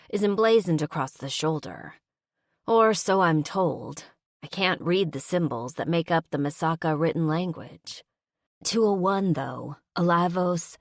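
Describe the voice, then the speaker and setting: A woman narrating a first-person romance audiobook in a calm, even storytelling manner. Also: lowish voice, dry recording, studio quality.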